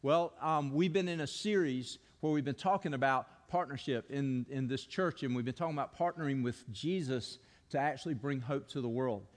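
A pastor preaches a sermon in a church sanctuary, his voice at a medium pitch and a normal speed. He tells stories earnestly and leads the congregation in call-and-response, with a long hall reverb on the recording.

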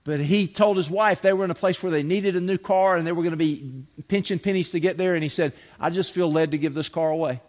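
A man preaching in an earnest, storytelling way, stumbling over his first words before carrying on. His voice sits a little high for a man. The sound rings with the long reverb of a large hall. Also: fast, few pauses, a little mellow. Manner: earnest, repeats words when starting phrases. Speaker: pastor. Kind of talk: sermon storytelling.

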